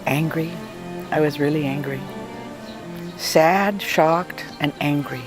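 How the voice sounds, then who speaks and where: A woman's voice: sits low, slow. Older woman from Guam, oral history storyteller, emotional and reflective, faint music bed. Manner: emotional, reflective, repeats words for emphasis. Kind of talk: personal storytelling.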